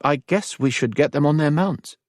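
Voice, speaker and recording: A man's voice: a little high, moderate pace, darkish tone, dry recording, studio quality, pitched above the performer's own voice, lightly acted. A man voicing a young English noblewoman, earnest and careful, with firm, polite and proper speech. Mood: directing.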